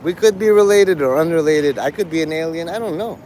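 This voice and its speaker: A man's voice: on the high side, a little fast, a little mellow, a little hiss or hum. A man streaming live and talking with his chat in a provocative, profane, rambling way. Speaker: livestreamer. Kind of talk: casual livestream chat with viewers.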